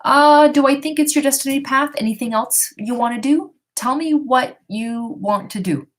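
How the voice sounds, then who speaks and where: A woman's voice: high-pitched, normal speed. Woman, middle-aged, tarot reader, live stream from home, chatty, reassuring, casual. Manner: chatty, reassuring, reads questions aloud then answers. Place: her home. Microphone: computer or phone on a live stream.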